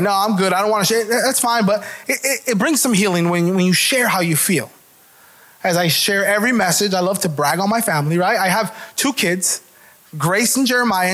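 Male pastor, high-pitched, delivering a loose, conversational sermon, restarts phrases and checks in with the crowd. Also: bright, forceful tone. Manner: restarts words often, keeps asking "right?".

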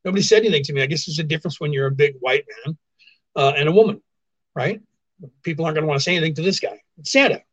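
A man's voice: on the high side, racing, dull audio. Ranting man on a livestream. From California, US. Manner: ranting, sarcastic, repeats points for emphasis. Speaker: livestream show host. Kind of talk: casual ranting commentary. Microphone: phone.

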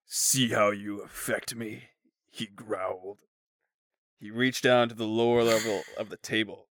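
A man's voice: fairly low pitch, a bit bright, no echo. A man co-hosting a comedy podcast, reading erotica aloud reluctantly and swearing. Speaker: podcast co-host.

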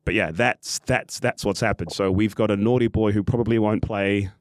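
Man, podcast host, low voice, dry close mic, casual storytelling, acts out quotes. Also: moderate pace, no room sound. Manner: animated, acts out quotes, many ums and restarts. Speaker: podcast host and football club official.

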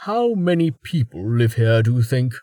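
A man's voice: mid-range voice, big pitch swings, normal speed, dark tone, no echo, lightly acted. Brief: laid-back curious young mage, read by a man, dry close sound. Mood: unbothered. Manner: easygoing, unbothered.

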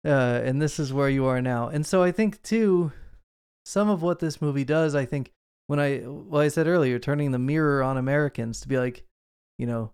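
Here a man co-hosting a podcast wanders through a movie discussion, chatty and full of fillers and tangents. His mid-range voice has a clean, darkish tone at normal speed, captured in a studio with no room sound.

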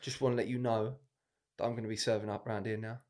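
A man's voice: lowish voice, flat delivery, fast talker, a little mellow, natural voice. A man playing a cocky young gangster who taunts his rival in a boastful way.

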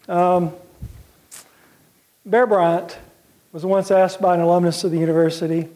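A man speaks as a guest speaker in a plain, folksy way, offering practical tips. His voice sits fairly high for a man. He clears his throat now and then between points. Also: fairly even intonation, a little slow, long pauses, darkish tone. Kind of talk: practical advice talk.

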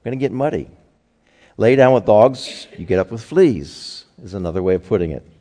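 A man's voice: lowish voice, expressive, a little fast, dark tone. A man preaching a sermon in a folksy, conversational way, telling homespun stories. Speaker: pastor. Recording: long hall reverb.

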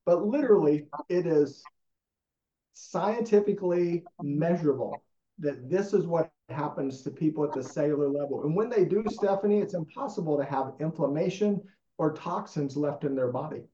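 An animated man speaks emphatically, his voice sitting a touch high. The sound is echoey and dull, as if caught in a roomy space on lo-fi gear. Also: moderate pace. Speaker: guest. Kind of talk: enthusiastic storytelling in conversation.

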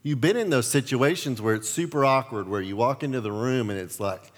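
A man's voice: mid-range voice, fairly quick. Pastor guy preaching, acts out the quotes, echoey church hall. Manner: animated storytelling, acts out quotes. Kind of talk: sermon.

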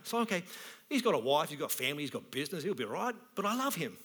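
A man preaching a sermon in plain, colloquial words with lively energy. His voice sits a little high for a man. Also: rapid-fire, slightly rough. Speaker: pastor.

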